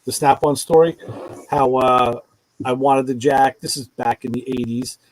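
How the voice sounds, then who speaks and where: A man's voice: medium pitch, measured pace, poor audio. A middle-aged man telling a long anecdote in casual chat, acting out the voices of the people in it. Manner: animated storyteller who acts out quoted voices.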